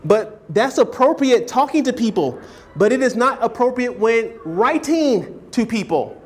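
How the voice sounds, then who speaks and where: A man teaching a writing class, animated, often asking students whether they follow and acting out hedging speakers. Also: unhurried. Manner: animated, keeps checking understanding with questions; acts out hedging speakers in a higher voice. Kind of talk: classroom lecture.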